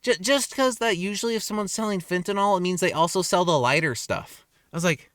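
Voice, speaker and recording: A young man rambling in a casual rant, crude and self-mocking, his pitch jumping up and down. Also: fairly quick, a bit bright, no echo, clean studio sound. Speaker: vlogger. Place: car in a parking lot at night.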